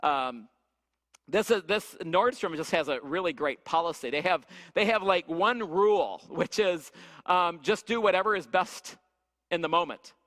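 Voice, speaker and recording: High, bright-voiced man teaching in a hall. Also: unhurried. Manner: energetic, repeats "right?" to check in with listeners. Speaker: church teacher. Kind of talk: church teaching session. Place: church hall.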